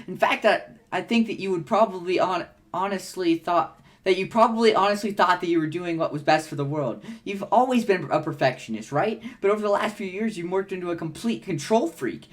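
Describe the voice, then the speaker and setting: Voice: medium pitch, close to an everyday voice. A reader doing a dramatic read-aloud as a young man who angrily confronts his family. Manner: heated, confrontational. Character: young adult man, angry and accusing.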